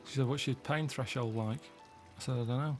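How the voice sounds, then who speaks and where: A man telling rambling anecdotes in a deadpan, plodding way during casual comic chat. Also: medium pitch, fairly quick, faint music behind. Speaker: co-host.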